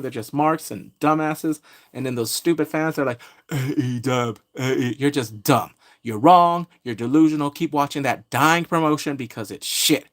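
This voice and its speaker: A man hosting a pop culture vlog, ranting casually and trash-talking in a brash, jokey way. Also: fairly high pitch. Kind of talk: casual rant to camera.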